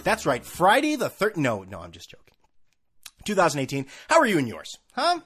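A man in his late thirties rambles through a solo podcast with a sarcastic edge. His voice sits a little high and leaps all over the place when he mimics others. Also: huge pitch swings, quick pace, fairly bright tone, husky. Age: 30s. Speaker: podcast host. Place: California.

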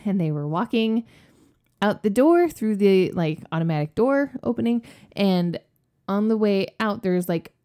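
A woman cohosting a podcast, telling a family story in a casual chat and acting out the people in it. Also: on the low side. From West Virginia. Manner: lively storyteller, acts out quoted voices.

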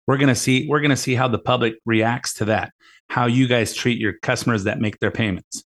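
A middle-aged man talking on his own radio show, loose and rambling. He restarts his phrases and repeats words. His voice sits at an ordinary middle pitch. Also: fairly even intonation, brisk, fairly bright tone. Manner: rambling, repeats words, retells conversations with emphasis. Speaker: radio show host and mortgage lender. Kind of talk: casual talk radio monologue.

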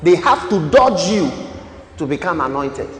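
A man preaching a sermon, swinging from loud declarations to hushed asides and pressing the congregation with questions. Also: fairly high pitch, very animated, unhurried. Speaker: pastor. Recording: echoey church hall.

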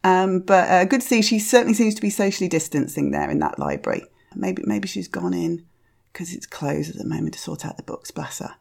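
A middle-aged woman hosting a podcast, chatting in a rambling, self-deprecating way with quiet asides. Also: fairly low pitch, creaky. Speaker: podcast host. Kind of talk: casual chat reviewing cards.

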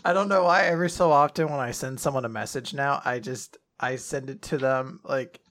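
A young man co-hosting a casual manga recap, animated, often laughing and acting out quoted lines. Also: medium pitch, a little fast. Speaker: podcast co-host.

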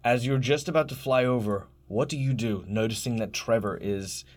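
A man runs a tabletop game as its game master, describing each scene in detail. He laughs easily and lets his voice drop and slow for the tense beats. His pitch sits in an ordinary middle range for a man. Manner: descriptive, laughs often, slows for dramatic beats.

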